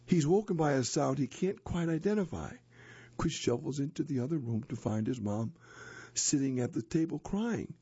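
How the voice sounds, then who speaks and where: A man narrating a story and a handbook aloud in a steady, expressive reading voice. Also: mid-range voice, moderate pace, husky, no room sound. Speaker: narrator, reader. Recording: dull lo-fi dry recording.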